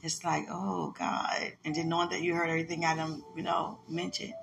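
Gravelly-voiced woman, emotional and repetitive. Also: low voice, little pitch movement, moderate pace, a bit bright, faint music behind. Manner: emotional, repetitive, laughs often. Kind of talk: heartfelt spoken message, religious.

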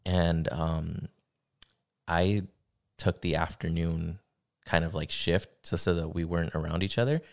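A young man with a deep, low-pitched voice talks through a personal story on a podcast. He speaks haltingly, looping through fillers and restarts as he goes. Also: steady tone, creaky. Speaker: podcast guest. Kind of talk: casual conversation, personal story.

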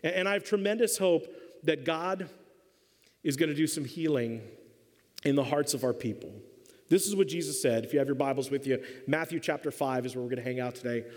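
A man's voice: fairly high pitch, brisk, darkish tone. A middle-aged man preaching a sermon as a pastor, telling a funny story and acting out the voices. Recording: long hall reverb.

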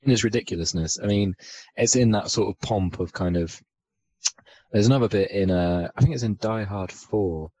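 Male podcast co-host, low voice, loose and rambling, lots of ums. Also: moderate pace, dark tone, low-quality recording. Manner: rambling, hesitant, many fillers and restarts. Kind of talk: casual film discussion.

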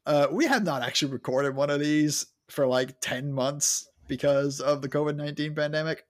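A man's voice: fairly high pitch, normal speed, no echo, clean studio sound. A man hosting a podcast in casual chat, rambling with restarts and laughing often. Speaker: podcast host, book reader.

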